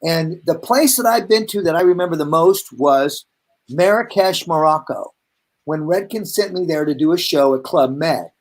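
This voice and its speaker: A man hosting a casual video-call chat, telling stories with lively acted-out bits. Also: fairly high pitch, normal speed. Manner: animated storyteller, acts out voices in his anecdotes. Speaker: host, hair educator.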